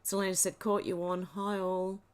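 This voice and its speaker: A woman's voice: mid-range voice, level tone, moderate pace, clear, resonant tone. Chatty woman reading comments. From Australia. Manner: chatty, reads comments aloud, laughs often. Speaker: livestream host. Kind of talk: casual livestream chat reading out viewer comments.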